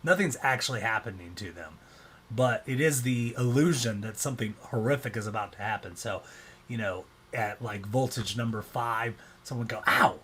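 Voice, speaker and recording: A man's voice: medium pitch, normal speed, a bit bright, slightly rough. A man presenting a casual explanatory talk, loose and conversational, often acting out quoted reactions.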